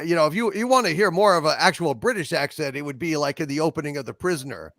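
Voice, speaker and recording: A man hosting a casual livestream about movies, chatty and animated, reading viewer messages and laughing often. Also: fairly high pitch, quick pace, few pauses, no echo. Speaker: podcast host.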